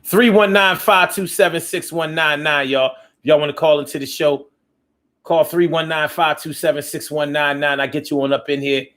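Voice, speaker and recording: A man with a fairly high voice hosts a call-in show and reads out what his viewers write. He talks loose and slangy and gets preachy, circling back over the same lines to hammer a point home. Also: moderate pace. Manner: animated, preachy, repeats phrases for emphasis; loose, slangy speech with many restarts. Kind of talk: live call-in talk show, reading viewer comments.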